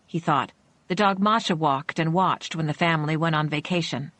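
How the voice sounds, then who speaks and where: A woman narrating a suspense thriller audiobook in a measured, tense storytelling manner. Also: deep voice, fairly bright tone, dry recording.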